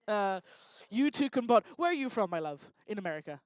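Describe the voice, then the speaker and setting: On a lecture hall stage, a woman hosting a live event does stand-up style crowd work, teasing and joking with the audience. Her mid-range voice is sing-song and brisk, and the recording is dry.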